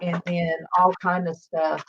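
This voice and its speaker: A woman hosting a casual faith chat show, telling stories and loudly acting out what people said. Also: on the low side, level tone, measured pace, a little hiss or hum. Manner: chatty storyteller, acts out voices loudly. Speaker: host. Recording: dull lo-fi sound.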